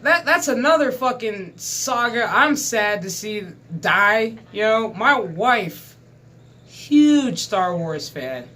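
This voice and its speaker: A man's voice: high-pitched, pushed and bright. Give me an exasperated, foul-mouthed man in his thirties hosting his own channel and venting at length. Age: 30s. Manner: profane, exasperated, emphatic. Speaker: gaming channel host. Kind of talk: casual ranting monologue.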